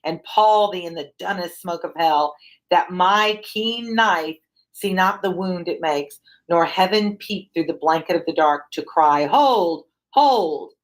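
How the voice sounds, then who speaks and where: A woman reading the part of a scheming, ambitious noblewoman aloud, slowing on key words. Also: fairly low pitch, natural voice. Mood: invoking.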